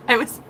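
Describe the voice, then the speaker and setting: A woman's voice: fairly bright tone, a little hiss or hum. A woman, a psychic reader, telling a story in a casual vlog. She giggles a lot, talks animatedly and swears freely.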